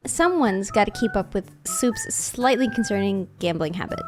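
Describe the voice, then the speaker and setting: A young woman streamer talking in a casual, jokey vlog style, her voice jumping up when she gets excited. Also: mid-range voice, normal speed, faint music behind. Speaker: streamer and content creator.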